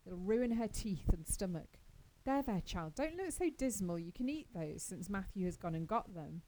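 A woman's voice: mid-range voice, sing-song, background noise. A woman voicing a stern no-nonsense spinster. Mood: brisk. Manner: brisk, scolding and no-nonsense. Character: stern, practical older spinster, gruff but secretly fond. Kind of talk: audiobook character reading.

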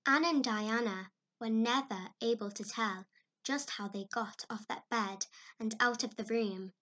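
A woman narrating a classic story in a measured, expressive way. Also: on the high side. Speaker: audiobook narrator. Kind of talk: scripted narration.

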